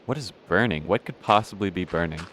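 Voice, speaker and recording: Deep-voiced young man rambling over gameplay. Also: lively intonation, quick pace, fairly bright tone, slight background noise. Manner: meandering, self-interrupting, swears casually. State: hiccuping. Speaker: let's play host.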